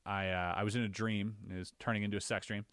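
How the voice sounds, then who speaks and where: A man on a podcast, casually recounting his own experiences as an animated storyteller whose voice jumps higher when he relives the scary parts. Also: fast, clean tone, no echo, clean studio sound. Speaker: podcast co-host.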